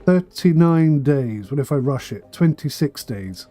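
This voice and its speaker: A man's voice: on the high side, animated, measured pace, mellow, faint music behind. A man streaming a management game for charity, thinking aloud with dry asides and a slightly tickly throat. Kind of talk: casual charity livestream commentary.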